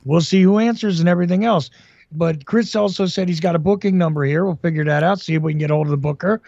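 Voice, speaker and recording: A man's voice: high-pitched, fast, vocal fry, darkish tone, no room sound, lo-fi sound. A man who runs the podcast, laying down the plan firmly and repeating himself to keep things on track. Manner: firm, organizing, repeats himself. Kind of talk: casual chat.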